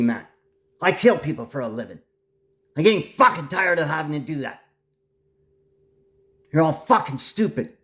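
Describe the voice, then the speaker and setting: A man talking to the camera in a rambling monologue, angry and threatening, swerving between calm talk and shouting. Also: mid-range voice, moderate pace, long pauses.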